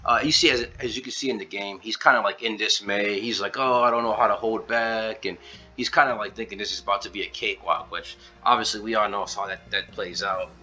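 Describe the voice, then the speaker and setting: A man with a very bright, forceful voice pitched a little low talks through a game-versus-manga comparison. He keeps it loose and chatty, stringing quotes together with "he's like," ums and uhs. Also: quick pace, breathy edge, muffled recording, soft background music. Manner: retells scenes in a loose run of "he's like" quotes, with fillers. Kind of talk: casual commentary video.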